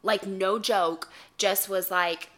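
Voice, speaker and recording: A woman co-hosting a podcast in casual chat, an animated storyteller who laughs and swears freely. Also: mid-range voice, slow. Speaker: podcast co-host.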